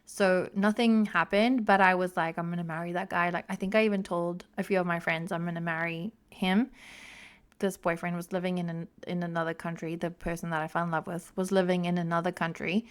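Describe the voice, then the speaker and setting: A woman's voice: on the low side, level tone, a little fast, hardly any pauses, smooth. A young adult woman from South Africa hosting her own podcast, telling a personal story frankly and self-mockingly, swearing freely. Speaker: podcast host. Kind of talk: candid solo podcast storytelling.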